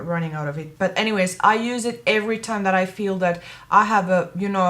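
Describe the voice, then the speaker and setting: A woman's voice: medium pitch, fairly bright tone. Chatty woman reviewing skincare products. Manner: chatty and self-correcting, repeats words for emphasis. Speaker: beauty vlogger.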